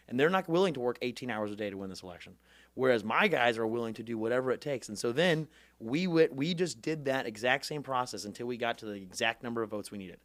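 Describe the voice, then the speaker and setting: A man's voice: mid-range voice, quick pace, no room sound. A young man, telling his story as a podcast guest and acting out the voices of the people he quotes. He talks with rally-speech energy and swears freely. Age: 20s. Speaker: guest, former congressman. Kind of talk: animated storytelling interview.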